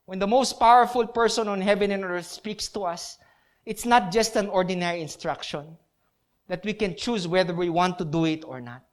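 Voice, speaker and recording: A woman's voice: fairly low pitch, moderate pace. A woman with a Filipino accent preaching a sermon, mixing English and Tagalog and often asking her listeners questions. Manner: switches between English and Tagalog, with rhetorical questions; emphatic, repeats key phrases.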